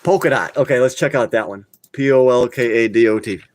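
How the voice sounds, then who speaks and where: A man's voice: mid-range voice, brisk. A man hosting a live crypto talk stream, talking casually and bluntly, getting worked up and scolding his viewers. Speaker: crypto channel host.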